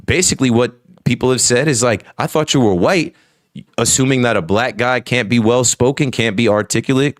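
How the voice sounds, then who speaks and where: A man's voice: medium pitch, dry recording, clean studio sound. A man guesting on a podcast as a former radio host, talking in an articulate, emphatic way. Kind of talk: casual podcast chat.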